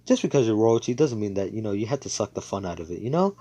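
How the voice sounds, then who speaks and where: A man voicing a brash, loud young male hero who brags and swears as he tells a fan story. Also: on the low side, fast. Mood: excited. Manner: excited, boastful, swearing.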